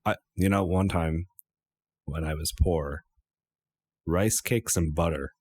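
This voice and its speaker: Laid-back man, low voice. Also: slow, a little mellow. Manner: laid-back, retells a folk tale with jokes and asides. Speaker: podcast co-host. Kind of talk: casual storytelling chat.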